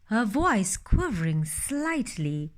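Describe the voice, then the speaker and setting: A woman reading a fairytale aloud in a gentle, expressive storytelling manner. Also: mid-range voice, slow pace.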